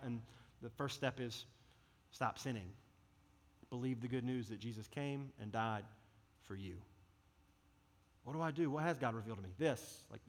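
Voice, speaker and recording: A man's voice: a little high, a bit bright. Impassioned male preacher in a reverberant hall. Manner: earnest, impassioned, conversational preaching. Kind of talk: sermon. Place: church service hall.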